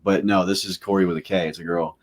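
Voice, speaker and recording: Low-voiced swearing storyteller man. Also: steady tone, fast. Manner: rambling storyteller, swears freely, laughs at his own stories. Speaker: podcast co-host. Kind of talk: casual chat.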